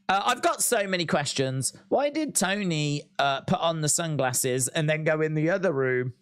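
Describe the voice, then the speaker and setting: A man's voice: a little high, sing-song, moderate pace, fairly bright tone, dry recording, clean studio sound. Chatty man streaming wrestling. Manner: chatty, reads out viewer comments, laughs often. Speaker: wrestling watch-along streamer. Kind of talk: casual live-stream commentary.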